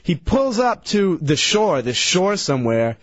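A man's voice: sits high, sing-song, measured pace, no room sound. A tired man telling a rambling story on a radio show, hesitating and restarting his sentences. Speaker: regular guest recounting a story. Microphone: studio radio mic. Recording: dull dry radio broadcast.

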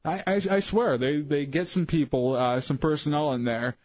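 A man's voice: fairly high pitch, moderate pace, a little mellow, no room sound. Laid-back young man, dull lo-fi sound. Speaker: co-host. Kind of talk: casual chat. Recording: dull lo-fi, dry room.

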